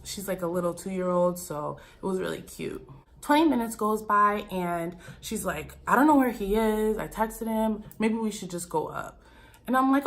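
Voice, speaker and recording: A young woman tells a wild personal story to her viewers in a chatty, animated way. Her voice sits a little low for a woman. She keeps turning to her audience as "you guys". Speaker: YouTuber. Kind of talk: storytime vlog.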